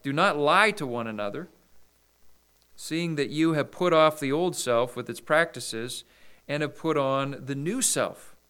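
Pastor guy preaching a sermon, slightly high voice, very clear and smooth, reads scripture slowly. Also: fairly bright tone. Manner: measured preaching with scripture readings and small restarts.

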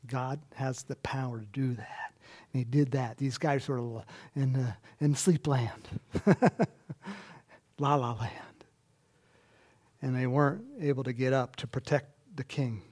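A man's voice: mid-range voice, slow pace, a little mellow. A man preaching a conversational sermon in a church, chatty and self-deprecating, laughing often. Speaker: pastor.

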